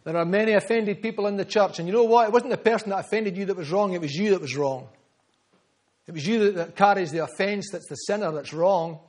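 A Scottish man preaching a sermon as pastor to his congregation, driving points home with repetition and dropping to quiet asides. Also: high voice.

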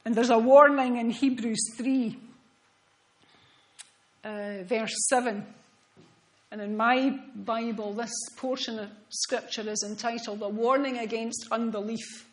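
A woman delivers a sermon at an unhurried pace. Her voice sits a little high, and her earnest, reflective delivery often sinks into soft, hushed tones. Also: fairly even intonation, low-quality recording. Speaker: preacher.

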